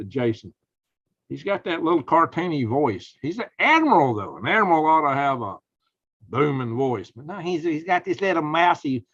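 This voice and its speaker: A man's voice: fairly high pitch, no room sound. Man with drawl, live-stream host, folksy rambler, dry muffled mic. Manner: folksy, rambling, gets heated and loud when indignant. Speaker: prepping channel host.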